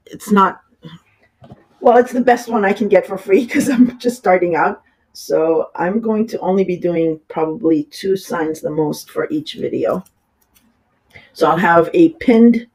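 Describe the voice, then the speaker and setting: Raspy-voiced astrologer with a cold. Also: medium pitch, a little mellow, poor audio. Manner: rambling, with many fillers and restarts; apologetic. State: has a cold. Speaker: astrologer giving horoscopes. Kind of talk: casual horoscope reading.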